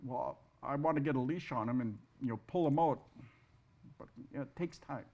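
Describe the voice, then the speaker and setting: A man who is an artist, talking in a casual interview, halting and repeating words, with self-deprecating humor. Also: mid-range voice, dull audio. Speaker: guest artist.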